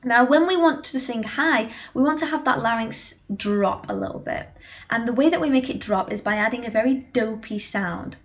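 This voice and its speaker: Woman singing teacher, slightly high voice. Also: normal speed, highs cut off. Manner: explains with sung and spoken demonstrations. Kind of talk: vocal lesson to camera.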